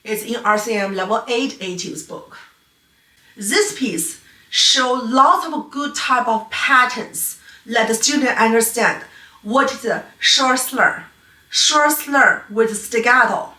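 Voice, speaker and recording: A woman's voice: fairly high pitch, slow pace, pushed and bright, recorded from a distance. A female piano teacher whose first language is Chinese, giving a patient, explanatory online lecture on playing technique. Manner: patient, explanatory, non-native phrasing. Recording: echoey room, voice a bit off-mic.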